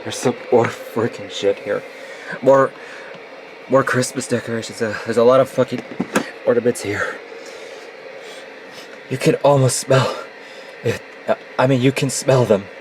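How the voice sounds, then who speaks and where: A man's voice: medium pitch, steady tone, a little slow, long pauses. A man in his twenties vlogging at home in a closet, gloomy and nostalgic, often swearing as he complains. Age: 20s. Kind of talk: casual vlog. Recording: noisy home recording.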